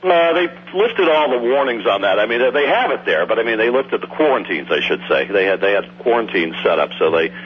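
A man's voice: on the low side, very animated, a little fast, hardly any pauses. A man working as a radio news correspondent, talking casually on air in a rambling, hesitant way. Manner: rambling, hesitant, filler-heavy. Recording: dull lo-fi line with faint hiss.

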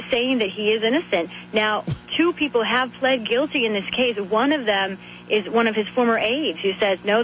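A woman radio correspondent reports live, her voice hoarse and a little worn. She keeps a brisk, chatty pace. The line sounds dull and lo-fi, with a faint hum underneath. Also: mid-range voice.

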